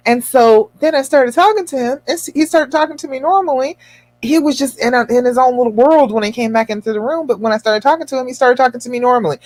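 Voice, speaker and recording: A woman's voice: mid-range voice, dry recording. Chatty woman coaching viewers live. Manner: chatty storytelling, animated and expressive; encouraging, addresses viewers directly. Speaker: relationship coach. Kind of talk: casual livestream talk to viewers.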